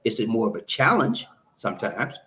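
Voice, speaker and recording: A middle-aged man hosting a live stream, giving relationship advice in a loose, animated, repetitive way and laughing often. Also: on the low side, normal speed. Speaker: host answering viewer comments.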